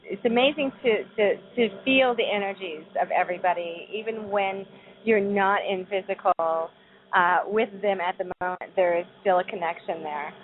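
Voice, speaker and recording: A bubbly woman with a Southern Illinois twang chats and laughs easily as a co-host. Her voice sits at an ordinary pitch and comes over a tinny phone line. A faint hiss runs behind her. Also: normal speed. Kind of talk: casual chat on an internet radio show. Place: outdoors at night.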